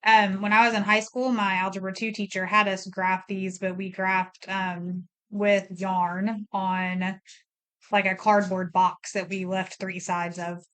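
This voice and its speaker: A woman's voice: medium pitch, level tone, unhurried, fairly bright tone, clean tone. A middle-aged woman teaching a recorded math lesson, explaining each step plainly and thinking aloud as she works.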